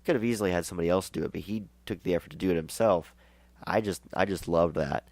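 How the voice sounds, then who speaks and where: A male show host telling a rambling, excited story in a casual way, laughing and restarting as he goes. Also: low-pitched, fast talker, no room sound.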